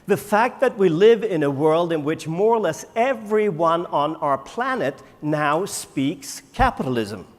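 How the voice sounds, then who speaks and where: A man, a native Swedish speaker, giving a conference keynote and firing rhetorical questions at the audience with dramatic pauses. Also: a little high, animated. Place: large conference hall. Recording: echoey conference hall.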